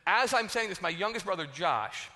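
Chatty male pastor, bright voice, says like and right a lot, big hall with long echo. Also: high-pitched, animated, moderate pace. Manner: conversational, heavy use of "like" and "right?". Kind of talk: casual sermon.

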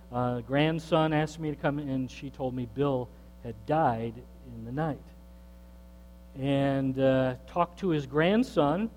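Man preaching in a reverberant hall. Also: a little high. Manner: conversational, animated when quoting others. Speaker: pastor. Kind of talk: sermon storytelling. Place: church sanctuary. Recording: long hall reverb with mains hum.

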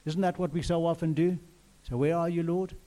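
A man's voice: a little high, fairly even intonation, brisk, dark tone. A man preaching a sermon in an earnest way, repeating phrases and asking the listeners questions.

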